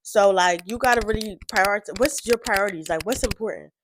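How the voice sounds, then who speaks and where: A woman's voice: medium pitch, brisk, background noise. A woman giving casual reaction commentary, rambling and frank, full of fillers. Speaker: reaction vlogger.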